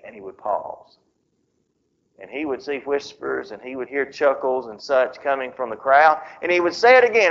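A man preaching a sermon, telling a story with dramatic pauses, on a dull lo-fi recording. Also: medium pitch, lively intonation, fairly bright tone.

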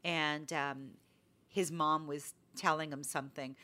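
A woman with a very bright, forceful voice and a fairly low pitch. She co-hosts a relaxed podcast chat and recounts her weekend, slipping into the voices of the people in her story. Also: unhurried. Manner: animated storyteller acting out quoted voices. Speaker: podcast co-host. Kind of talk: casual chat.

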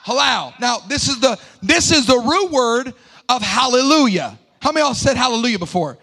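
A young man preaching a live sermon in a church, fervent and shouting, with call-and-response to the congregation. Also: extremely high pitch, big pitch swings, a little fast, creaky. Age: young adult. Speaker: pastor. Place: church sanctuary.

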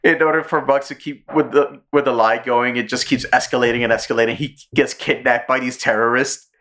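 A man co-hosting a podcast in casual chat, telling stories with high-pitched character voices. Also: fairly quick. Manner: animated storyteller, jumps into high voices for cartoon characters. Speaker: podcast co-host.

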